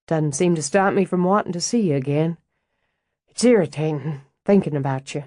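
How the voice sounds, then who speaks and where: A woman's voice: low voice, normal speed, mellow, dry recording, natural voice. A woman voicing a blunt, confident male landscaper who teases in a dry, direct way. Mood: teasing.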